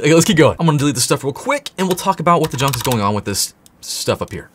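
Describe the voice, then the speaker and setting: An excitable man from the United States teaches coding, joking and talking straight to the viewer. His pitch swings widely as he goes. Keyboard typing sounds in the background. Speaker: coding instructor. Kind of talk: enthusiastic tutorial.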